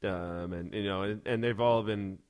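A man speaking as a guest in a relaxed interview, his voice sitting a little low. He laughs easily and circles back over his words with fillers and restarts. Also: moderate pace, clear, resonant tone. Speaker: musician guest. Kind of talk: casual interview chat.

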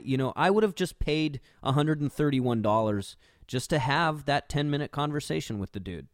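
A man's voice: mid-range voice, expressive, moderate pace, dry recording, studio quality. A man in young adulthood, hosting a podcast and telling a rambling, casual story with laughs between phrases. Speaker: podcast host.

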